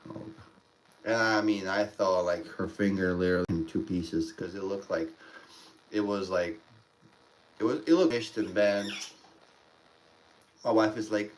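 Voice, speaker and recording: A man's voice: deep voice, unhurried, pauses often. A man, a father rambling through stories on a casual livestream, with many restarts. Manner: rambling, restarts a lot, emotional storytelling. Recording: distant mic with faint room noise.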